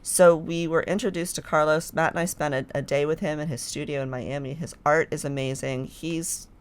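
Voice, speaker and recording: A woman's voice: low voice, steady tone, normal speed, smooth. A woman guest on a podcast, talking in a chatty, enthusiastic way with many fillers. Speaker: podcast guest, filmmaker staff. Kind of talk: casual chat.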